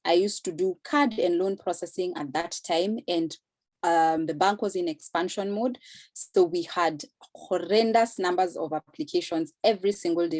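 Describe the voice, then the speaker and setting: A woman with a somewhat low voice gives earnest, explanatory advice over a video call. The sound is dry and close, with no room echo. She talks conversationally and now and then acts out brief example sentences. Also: a little mellow. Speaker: panel speaker giving career advice.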